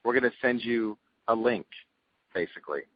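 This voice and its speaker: A man's voice: mid-range voice, moderate pace, no echo. A man co-hosting a teleconference, briefly and plainly explaining steps over a muffled conference-call line. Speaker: co-host, Bitcoin expert. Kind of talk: casual explanatory chat.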